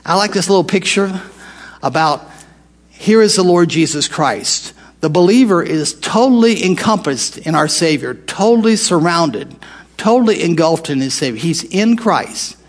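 A man's voice: fairly high pitch, expressive, moderate pace. A man teaching a Bible study in a conversational way, asking questions and repeating phrases for emphasis.

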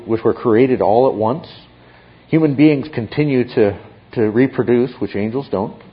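A man teaching a Bible class, explaining step by step and often checking in with his listeners. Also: on the low side. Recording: dull lo-fi recording.

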